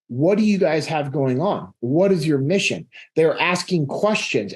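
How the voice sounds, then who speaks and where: A man, a leadership instructor, answering audience questions in a casual, direct way, laughing easily and getting animated. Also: a little high. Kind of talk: casual Q&A talk.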